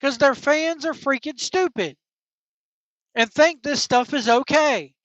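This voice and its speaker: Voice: high voice, takes it slowly, fairly bright tone, no room sound. A wrestling podcast host on an angry, profane opinion rant, blunt and heated. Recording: dull lo-fi dry recording.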